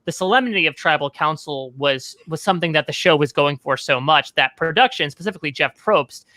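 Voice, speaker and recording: Young man, articulate podcast guest, bright edgy tone, close dry mic. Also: a little high, expressive, no room sound. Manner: quick, articulate, lots of "like". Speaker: podcast guest, reality TV writer. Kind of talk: casual podcast discussion.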